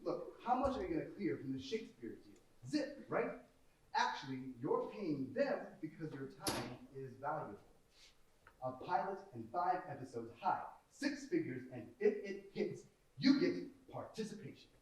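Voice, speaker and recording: A man's voice: fairly high pitch, sing-song, moderate pace, slight background noise. A young man playing a slick, brash Hollywood producer. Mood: salesy. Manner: glib, salesy, wheedling and brash. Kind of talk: stage play. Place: theater stage. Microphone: far room mic. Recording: echoey stage from far off.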